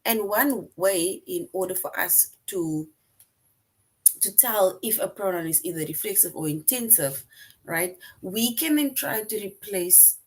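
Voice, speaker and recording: A woman's voice: medium pitch, animated, measured pace, husky, low-quality recording. A woman teaching a recorded grammar lesson, explaining step by step, repeating her example sentences and often checking in with "right?".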